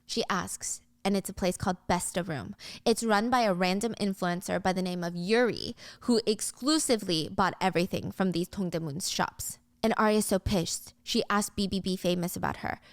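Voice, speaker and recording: A woman giving a casual, gossipy, animated recap of a drama's plot. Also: medium pitch, normal speed, hardly any pauses, no room sound.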